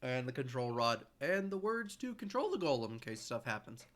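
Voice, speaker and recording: Bright-voiced man recapping party plans. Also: medium pitch, big pitch swings, moderate pace, slight background noise. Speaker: player. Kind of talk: casual chat at a game table.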